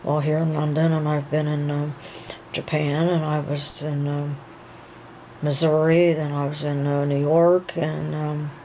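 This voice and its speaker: A woman plays a kind young male dancer in a homemade pretend drama. He speaks low and mellow, slow and reassuring, stumbling over plenty of ums. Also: little pitch movement, slight background noise, poor audio. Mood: gentle. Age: young adult. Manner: slow, soothing, hesitant with many ums.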